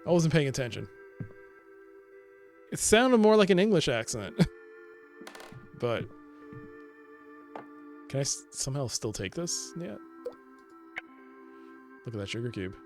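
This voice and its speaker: A man's voice: medium pitch, big pitch swings, a little slow, pauses often, faint music behind. A man casually commenting and joking while streaming an adventure game. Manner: playful, joking. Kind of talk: live let's play commentary.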